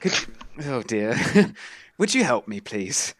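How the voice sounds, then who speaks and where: A man's voice: mid-range voice, big pitch swings, slow pace, no echo. A man voicing a flustered old male traveler who stammers and frets. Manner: stammering, fretful.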